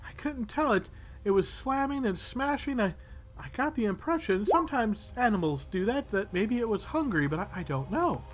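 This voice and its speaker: A man's voice: very high-pitched, sing-song, normal speed, pitched above the performer's own voice, full character voice. A man putting on a prim older village midwife. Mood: worried. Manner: prim, formal, hesitant. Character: older woman midwife and apothecary, polite, prim.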